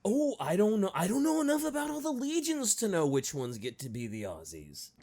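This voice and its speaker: Male co-host, lively pitch, sarcastic casual reactions. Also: a little fast. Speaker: podcast co-host. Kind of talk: casual chat.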